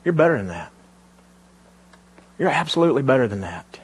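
A man's voice: mid-range voice, sing-song, a little fast, husky. A man preaching a sermon to a congregation in a church, talking conversationally and asking them questions. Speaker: pastor. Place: church before a live congregation.

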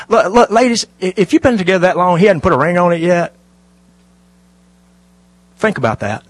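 A middle-aged man preaching a sermon, animated and lively, dropping to hushed, intimate asides. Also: sits high, fairly quick, pauses often, dry recording. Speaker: pastor.

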